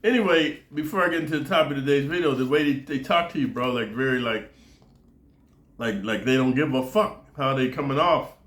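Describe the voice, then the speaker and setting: A man's voice: medium pitch, brisk, a bit bright, roomy sound. An American man vlogging in a casual monologue, rambling and profane, constantly tossing in "dude" and "man". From United States.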